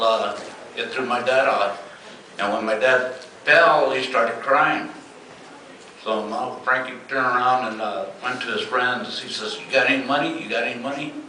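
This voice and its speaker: A man recounts a family story at a memorial service, halting and full of pauses and fillers. His voice is bright and forward. He is heard from a distance in a very echoey hall with faint noise beneath. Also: mid-range voice. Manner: halting, unhurried telling with many pauses and fillers. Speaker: nephew giving a eulogy. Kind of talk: funeral eulogy storytelling.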